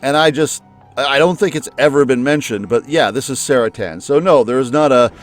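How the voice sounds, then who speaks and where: A male let's play host talks casually, musing over the story and wondering aloud what comes next. His voice sits in a middle range and often leaps up when he gets excited. Faint music plays under him. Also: fairly quick. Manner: chatty, musing, with lively jumps in pitch. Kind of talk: casual commentary before a game.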